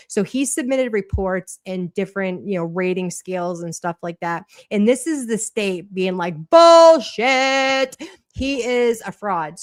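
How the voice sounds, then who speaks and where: A woman's voice: mid-range voice, dry recording, studio quality. A woman with a Boston accent hosting a casual livestream, chatty and blunt, swearing freely while she reads a court document aloud. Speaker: livestream host.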